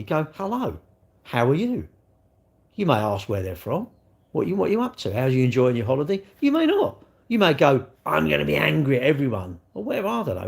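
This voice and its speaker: A man's voice: mid-range voice, creaky, a little mellow. A man with a British accent hosting a casual livestream, answering chat comments in a blunt, rambling way. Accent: British English.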